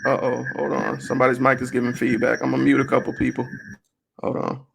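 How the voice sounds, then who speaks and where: A man's voice: mid-range voice, level tone, fast, creaky, noisy background. A man hosting a casual online group discussion, talking emphatically, asking rhetorical questions and swearing.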